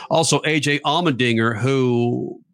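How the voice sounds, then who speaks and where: A man hosting a motorsports radio show, talking energetically and reading promos quickly. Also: medium pitch. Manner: energetic, fast promo reads.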